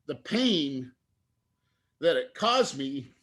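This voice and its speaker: A middle-aged man telling a heartfelt personal story as an interview guest, earnest and animated, getting choked up at times. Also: on the high side, extremely slow. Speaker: guest investor.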